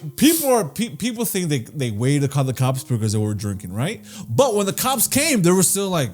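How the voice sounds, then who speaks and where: A podcast co-host whose voice sits a little high talks briskly while faint music plays. He recounts a story in animated, profane, casual conversation, doing impressions of the people he quotes.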